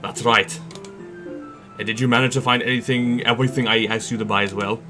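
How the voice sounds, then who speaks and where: A man voicing a shy, anxious, bookish teenage girl from a visual novel, reading her lines in a soft, halting way with game music playing underneath. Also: medium pitch, steady tone, lightly acted. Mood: hesitant. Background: soft background game music.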